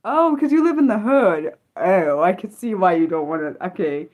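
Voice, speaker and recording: A young woman hosting an unscripted livestream, chatting excitedly with viewers and answering chat, with lots of fillers and restarts. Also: on the low side, moderate pace. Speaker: livestream host.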